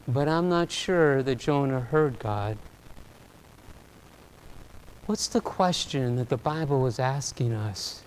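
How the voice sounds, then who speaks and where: A man preaching a sermon, telling a story with animation and swinging between loud and soft delivery. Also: mid-range voice, lively intonation, slow pace, pauses often, slight background noise. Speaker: pastor. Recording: long reverb of a large hall.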